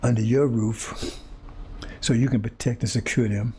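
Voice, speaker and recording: Fiery man with a dark husky voice. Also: mid-range voice, fairly even intonation, normal speed. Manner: fiery, confrontational, repetitive phrasing; stammers and restarts when searching for words. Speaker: preacher speaking to his audience. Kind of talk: impassioned monologue.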